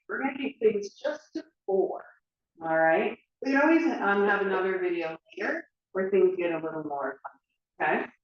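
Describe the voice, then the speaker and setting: A woman's voice: medium pitch, far from the mic. A woman teaching dance, talking casually with lots of fillers and everyday examples. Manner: chatty, filler-heavy, explains with examples. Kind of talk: casual instructional talk. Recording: echoey room, dull lo-fi sound.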